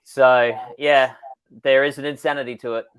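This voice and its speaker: Male guest co-host, relaxed storyteller, a touch sardonic, on a video call. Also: medium pitch, moderate pace, smooth. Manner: easygoing storyteller, laughs easily, a bit sardonic. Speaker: filmmaker co-host. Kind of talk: casual chat on a livestream.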